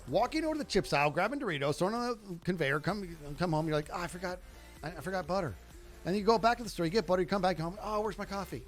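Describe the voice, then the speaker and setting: Casual male streamer, lively pitch swings, a touch higher than most men, rambling jokey self-talk, faint music behind. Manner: rambling, self-talking, jokey asides to chat. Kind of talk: casual gameplay livestream chat.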